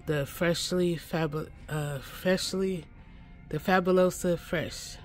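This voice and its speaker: Man, vlogger, chatty, slow-talking, self-correcting, faint music behind in the store. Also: high-pitched, fairly even intonation. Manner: chatty, repeats prices and corrects himself. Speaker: shopping vlogger. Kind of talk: casual in-store shopping walkthrough. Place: inside a pharmacy store.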